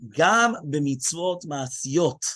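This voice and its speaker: A man, a rabbi, giving a lively Torah class in English mixed with Hebrew terms. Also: on the high side, fast. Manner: animated teaching, mixing English with Hebrew terms.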